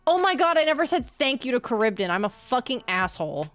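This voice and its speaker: A young woman streaming, chatting casually with her viewers while she plays, bubbly and quick to laugh. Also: sits high, very animated, a bit bright. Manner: bubbly, laughs often, talks back to chat. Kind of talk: casual livestream chat while gaming.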